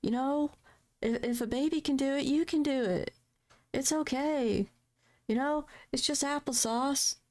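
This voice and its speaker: A woman's voice: sits high, a little slow, a little mellow, pitched above the performer's own voice. A woman imitating a condescending female nurse who coaxes a patient as if talking to a child. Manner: patronizing, coaxing as if to a child.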